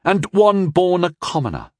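In a high, exaggerated voice pitched above his natural range, a man plays a cocky young knight mage who goads others smugly. The delivery swings hugely in pitch at a moderate pace, with a darkish tone in a dry, clean studio recording.

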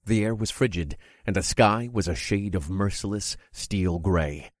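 A man narrating a dark first-person story in a measured, dramatic reading. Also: sits low, no room sound, studio quality.

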